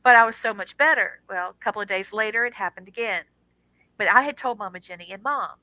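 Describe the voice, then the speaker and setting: A middle-aged woman, a guest on a radio show, telling a personal story in a casual, animated way and acting out the voices in it. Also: medium pitch, fast, no room sound, rough recording.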